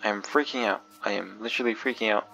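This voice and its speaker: A man's voice: lowish voice, quick pace, vocal fry, sharp tone, faint music behind. A man giving spooked gameplay commentary, jumpy and nervous, often repeating himself. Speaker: gaming video creator. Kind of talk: horror game commentary.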